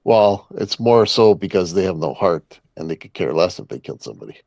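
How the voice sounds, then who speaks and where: Male co-host from Canada, very deep voice, halting and filler-heavy, on a dull, lo-fi line. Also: lively intonation, gravelly, a little mellow, no echo. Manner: hesitant, halting, with many fillers and chuckles. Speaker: podcast co-host. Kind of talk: casual political chat. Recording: dull lo-fi sound.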